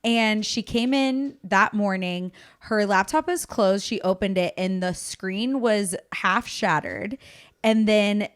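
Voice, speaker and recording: A young woman co-hosts a podcast, telling stories in a gossipy, casual chat and swearing freely. Her mid-range voice is smooth and slow.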